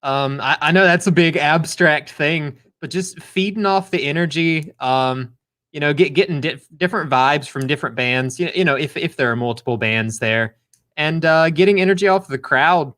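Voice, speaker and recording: Thoughtful man, slightly high voice. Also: moderate pace, a bit bright. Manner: thoughtful, hesitant answers. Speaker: co-host. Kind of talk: casual chat.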